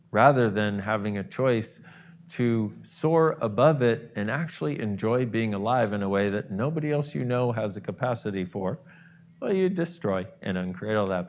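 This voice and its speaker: A man leading a guided visualization, acting out loud gasps and exclamations between softer stretches. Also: lowish voice. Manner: animated, acts out exclamations and gasps, swings from soft to loud.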